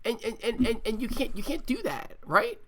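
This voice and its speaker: A man's voice: very high voice, very animated, normal speed. A man co-hosting a podcast, talking emphatically with repeated words and profanity. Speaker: podcast co-host. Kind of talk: casual podcast chat.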